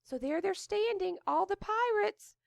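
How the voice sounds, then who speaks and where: High, gravelly woman reading a picture book. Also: measured pace, dry recording, clean studio sound. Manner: expressive, gasping in wonder, chatty asides. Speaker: storybook reader. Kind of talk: picture-book read-aloud with commentary.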